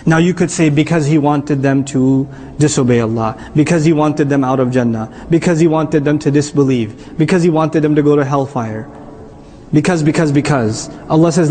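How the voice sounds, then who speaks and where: A middle-aged man giving an animated religious lecture as an Islamic teacher, often quizzing his audience. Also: on the high side, normal speed.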